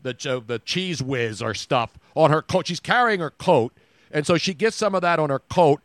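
Animated man rambling on a sports podcast. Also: on the high side, normal speed, no echo. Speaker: podcast co-host. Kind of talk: casual sports chat.

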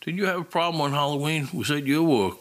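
A man's voice: fairly high pitch, animated, quick pace. A man, a former police officer, telling profane stories in casual chat and acting out the voices of people he quotes.

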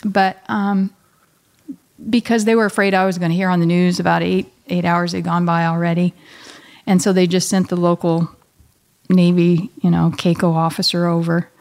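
A middle-aged woman, a guest on an interview show, telling an emotional personal story in a halting, heartfelt way with many pauses and restarts. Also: lowish voice, flat delivery, gravelly, a little mellow. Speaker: guest, a bereaved mother.

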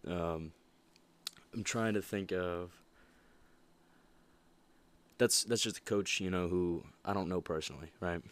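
Deep-voiced young man hosting a podcast. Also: a little slow, long pauses. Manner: animated, emphatic, laughs often. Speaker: podcast host. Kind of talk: casual motivational monologue.

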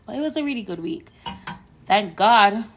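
A woman co-hosting a podcast in casual chat, her voice hoarse from shouting, telling stories with lots of fillers. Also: medium pitch, moderate pace, a little hiss or hum. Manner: chatty, animated storyteller with frequent fillers. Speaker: podcast co-host.

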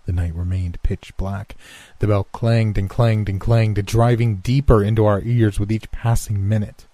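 A man reading a horror story aloud in a measured, hushed narration. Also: fairly low pitch, fairly even intonation, dry recording.

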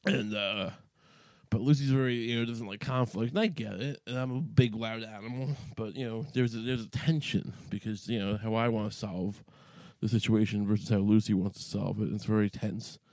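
Profane, rambling man with a dark voice. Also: on the low side, steady tone, moderate pace, dry recording. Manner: rambling, profane, restless, lots of restarts. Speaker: podcast host.

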